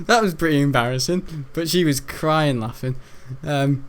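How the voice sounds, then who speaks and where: A man's voice: fairly high pitch, moderate pace, slight background noise. A young man from Britain, rambling and giggling as he tells a school story while playing a game. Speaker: gaming video host. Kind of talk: casual gameplay commentary.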